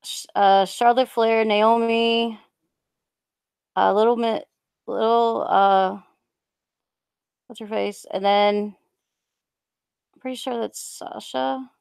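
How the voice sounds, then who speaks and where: Rambling young woman with gravelly voice. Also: a little high, fairly even intonation, darkish tone, dry recording. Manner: rambling, halting, lots of um and like. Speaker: streamer. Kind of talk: casual live stream chat, reading viewer comments. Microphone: USB desk mic.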